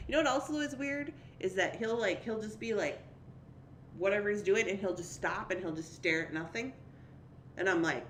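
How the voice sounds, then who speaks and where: A woman's voice: mid-range voice, normal speed, echoey room, a little hiss or hum. A young woman hosting a casual livestream chat, laughing often and reading viewer comments aloud. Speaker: livestream host.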